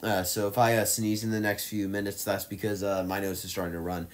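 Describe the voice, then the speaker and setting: A man's voice: lowish voice, little pitch movement, fairly quick. Rambling, filler-heavy man talking movies. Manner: rambling, many fillers and restarts; enthusiastic, swings loud and soft. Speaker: movie reviewer ranking films. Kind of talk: casual rambling tier-list vlog.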